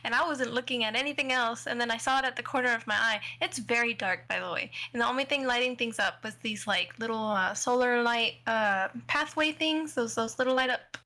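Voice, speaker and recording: A woman's voice: a little high, a little fast, few pauses, bright, forceful tone. A young woman co-hosting a podcast, telling a story in blunt casual chat with offhand swearing. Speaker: podcast co-host.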